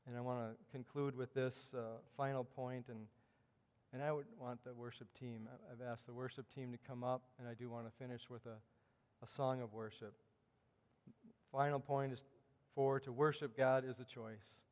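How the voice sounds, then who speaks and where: A male pastor, preaching a sermon in a church and swelling louder whenever he quotes scripture. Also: mid-range voice, little pitch movement, moderate pace. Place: church sanctuary. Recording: long church hall reverb.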